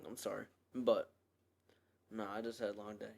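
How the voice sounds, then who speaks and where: This podcast host speaks alone at an ordinary pace, his mid-range voice showing vocal fry. He rambles earnestly and casually, often using fillers and starting sentences over.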